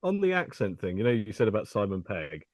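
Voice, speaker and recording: A man co-hosting a casual film podcast, his voice bounding up and down with animated energy. He is jokey and keeps dropping into mock impressions. The sound is dry and close, with no room around it. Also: lowish voice, a little fast, no room sound. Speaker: podcast co-host.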